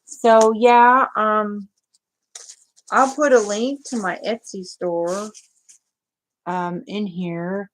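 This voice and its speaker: A woman's voice: medium pitch, steady tone, drawn-out words, pauses often. A woman rambling chattily to viewers of her livestream, full of fillers. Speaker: crafting livestream host. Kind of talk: casual livestream chat.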